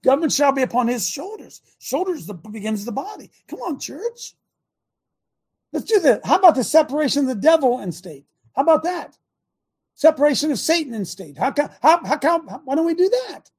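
A man hosting a preaching talk show as a pastor, sarcastic and bursting into shouts. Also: extremely high pitch, sing-song, fairly quick. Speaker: pastor and radio host.

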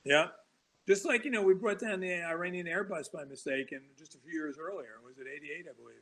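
A man's voice: on the high side, a little fast, a bit bright, low-quality recording. A man guesting on a talk show, telling long, rambling anecdotes with frequent restarts and chuckles. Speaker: author guest. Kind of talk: casual storytelling interview.

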